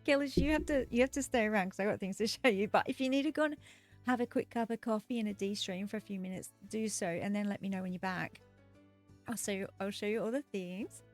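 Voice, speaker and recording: A woman game streamer chatting casually and excitedly with her live viewers while she plays, giggling often. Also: medium pitch, fast, faint music behind.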